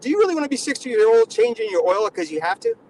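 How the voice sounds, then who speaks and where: Nasal, lecturing man with a high voice. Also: big pitch swings, racing, gravelly, a little mellow, slight background noise, poor audio. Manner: lecturing, mock-condescending. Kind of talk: casual comedic panel chat.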